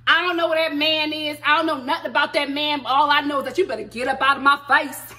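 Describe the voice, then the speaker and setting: A woman voicing an older woman who flatly brushes off a confrontation with a dismissive drawl. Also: sits high, fast talker, a little hiss or hum. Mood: defiant. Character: blunt older woman, unbothered and defiant.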